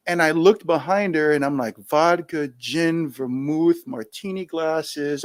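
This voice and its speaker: A man talking with a dry, close studio sound, a podcast guest spinning anecdotes. He is animated and keeps slipping into quoted voices, breaking into laughter as he goes. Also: mid-range voice, normal speed, no echo. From New York. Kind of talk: casual storytelling.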